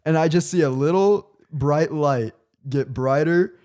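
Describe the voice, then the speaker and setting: A young man co-hosting a podcast, telling a story with animated delivery and stumbling restarts. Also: fairly high pitch, a little slow. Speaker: podcast co-host. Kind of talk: casual storytelling.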